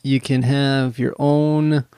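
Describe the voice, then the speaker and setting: A man's voice: mid-range voice, flat delivery, takes it slowly, dark tone, clean tone, dry recording, clean studio sound. A man co-hosting a podcast in casual chat, rambling and joking with the odd swear word. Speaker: podcast co-host.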